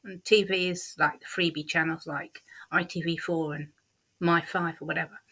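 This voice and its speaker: A woman's voice: fairly low pitch, fairly even intonation, moderate pace, a bit bright, slightly rough. A middle-aged woman vlogger chatting candidly about her week, with a lot of ums and repeated words. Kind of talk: casual diary-style vlog.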